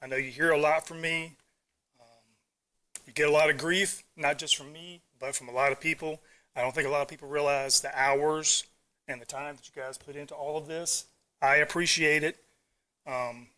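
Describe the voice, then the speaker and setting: A middle-aged man speaks at a county council podium, earnest and halting. His voice is bright and forceful and sits a touch high, and he stumbles over his words as he holds back emotion. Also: fairly even intonation. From Virginia Beach area, US. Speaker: public commenter. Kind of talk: public comment at a council meeting.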